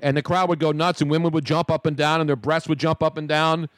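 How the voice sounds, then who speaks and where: A man's voice: a little high, flat delivery, fast talker, no room sound. A man hosting a talk show, telling stories in casual, opinionated banter. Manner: boisterous, opinionated storyteller. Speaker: radio show host.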